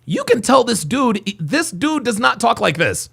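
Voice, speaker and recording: A man hosting a live stream, his bright voice leaping up and down as he reacts to clips and reads viewer messages. He sounds excitable and exasperated. There's a gravelly edge under the talk. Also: high voice, a little slow, hardly any pauses. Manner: animated, voice rising often, excitable. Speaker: live-stream host reading super chats.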